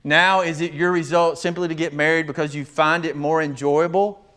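Male pastor, sermon delivery, slightly high pitch, animated, acts out voices. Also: moderate pace.

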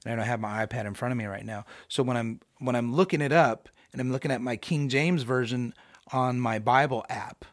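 A middle-aged man giving an informal, conversational Bible teaching with emphatic rhetorical questions and bursts of excitement. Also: medium pitch, brisk, no room sound, studio quality. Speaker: podcast host teaching scripture.

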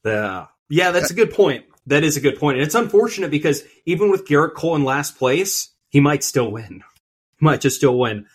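A man's voice: a little high, very animated, moderate pace, slightly rough. A man co-hosting a sports podcast, talking earnestly and rambling through points with restarts. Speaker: podcast co-host. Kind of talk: casual sports chat.

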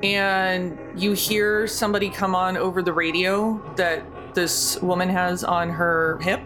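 Woman GM, relaxed chatty scene-setting, lowish pitch, faint music behind. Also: unhurried. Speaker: game master. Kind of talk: narrating a tabletop game.

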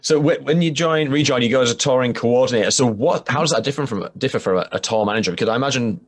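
A man hosting a podcast interview, asking questions in a halting way with restarts. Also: mid-range voice, slightly rough. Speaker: podcast host. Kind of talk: casual interview.

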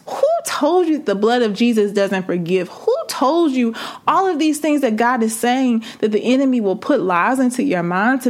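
A woman preaching a sermon, building fervor through repeated rhetorical questions. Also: high voice. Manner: impassioned, repetitive rhetorical questions.

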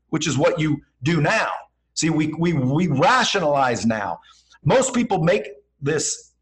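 A man's voice: on the high side, low-quality recording. A man as a podcast guest giving blunt, slangy motivational advice and acting out bits of dialogue as he talks. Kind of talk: motivational advice in casual conversation.

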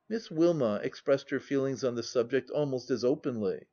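A man's voice: medium pitch, moderate pace, hardly any pauses, mellow, highs cut off. Man reading a classic novel aloud. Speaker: audiobook reader. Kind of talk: audiobook narration of a classic novel.

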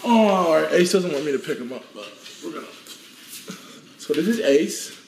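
A man's voice: fairly high pitch, lively intonation, normal speed, gravelly, roomy sound, background noise. A man, a guest athlete, chatting casually on a live stream from home, playfully coaxing his dogs. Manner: playful, calls and coaxes his dogs in rising tones.

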